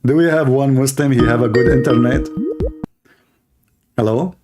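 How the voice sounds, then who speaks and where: A man's voice: medium pitch, normal speed, over loud music. A man whose first language is Arabic, from the Middle East, hosting a live call-in debate in a blunt, mocking way and repeating himself often. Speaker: debate show host.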